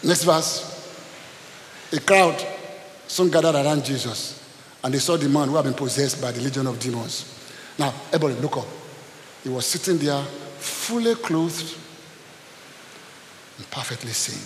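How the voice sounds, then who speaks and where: A man preaching a sermon as pastor, dramatic and animated, acting out scenes. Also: medium pitch, moderate pace, pauses often. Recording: echoey hall with faint hiss.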